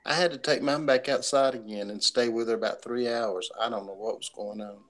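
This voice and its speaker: A man's voice: medium pitch, fairly even intonation, a little fast, fairly bright tone. A man with a Southern accent, chatting casually on a livestream and answering in short, easygoing replies.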